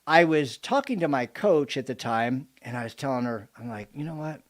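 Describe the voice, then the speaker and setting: A man giving a motivational live talk as a business coach, telling animated stories and joking with his audience. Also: mid-range voice, moderate pace. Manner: animated storytelling, jokes to the audience.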